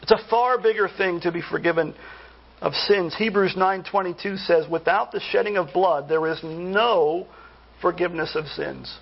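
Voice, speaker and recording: Man preaching a sermon, high voice, gravelly and husky, earnest emphasis, dull lo-fi sound. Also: normal speed. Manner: earnest preaching, rising emphasis on key words. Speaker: pastor.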